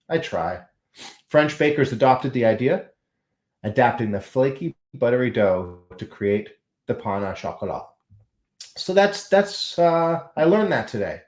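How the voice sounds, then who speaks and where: A man chatting casually and musing out loud on a late-night livestream from his off-grid farm, slightly stuffy with a runny nose. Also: medium pitch. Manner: rambling, musing, self-mocking asides. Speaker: off-grid homesteader streaming live. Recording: roomy echo.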